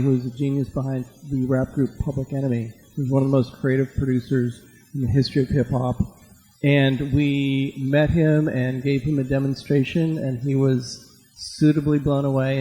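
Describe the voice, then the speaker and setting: A man who founded a music label, answering interview questions in a calm, measured way. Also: mid-range voice. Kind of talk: stage interview. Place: event stage in a hall. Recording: long reverb of a hall.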